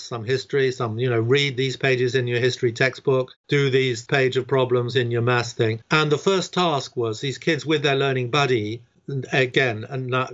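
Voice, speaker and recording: A man talks through his ideas in an easy conversational way, tagging his points with a quick "right?". His voice sits at a middle pitch. The recording is dull and somewhat lo-fi. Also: fairly bright tone. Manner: chatty, peppered with "right?". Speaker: education guest. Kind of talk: conversational explanation. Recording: dull lo-fi sound.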